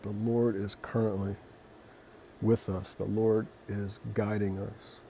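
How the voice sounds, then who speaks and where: Low, flat-voiced man reflecting emotionally. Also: a little hiss or hum. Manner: emotional, halting, with many restarts. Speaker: Christian devotional video host. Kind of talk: scripture reading and personal reflection.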